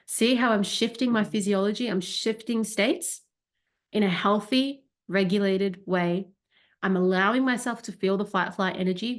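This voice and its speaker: A woman coach gives an educational talk and demonstrates by voicing her body sensations aloud. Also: medium pitch. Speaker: wellness coach.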